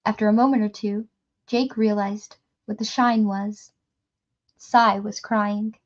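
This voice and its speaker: A woman reading a novel aloud in a steady storytelling manner, with small slips and restarts. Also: mid-range voice, takes it slowly, muffled recording. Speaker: audiobook reader. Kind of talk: reading a novel aloud, voicing characters lightly.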